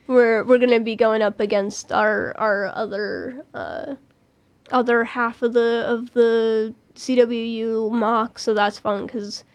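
A young woman with a fairly high voice, talking in a loose, giggly, rambling way as a podcast co-host. She restarts her sentences often and laughs easily. The sound is dry and close, with no room around it. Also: fairly even intonation, slow pace, no echo. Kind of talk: casual chat.

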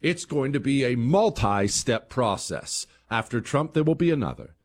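A man hosting a talk radio show, delivering an emphatic monologue that climbs to heated peaks and drops low and quiet. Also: animated, normal speed.

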